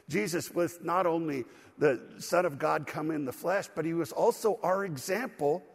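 A man's voice: a little high, vocal fry, breathy edge. A man preaching a sermon in a church, getting over a cold, leading his congregation in call-and-response. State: recovering from a cold. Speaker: pastor. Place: church sanctuary. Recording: long hall reverb.

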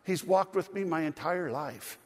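Middle-aged pastor preaching in a reverberant hall. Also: male voice, fairly high pitch, animated, unhurried. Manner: conversational storytelling with frequent fillers and restarts. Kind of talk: sermon. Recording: long reverb of a large hall.

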